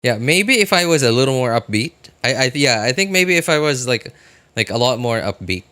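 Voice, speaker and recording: A man's voice: medium pitch, big pitch swings, fairly quick, pushed and bright, faint music behind. Chatty streamer man rambling. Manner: rambling, chatty, many fillers and restarts. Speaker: streamer reacting to a livestream. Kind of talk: casual live reaction chat.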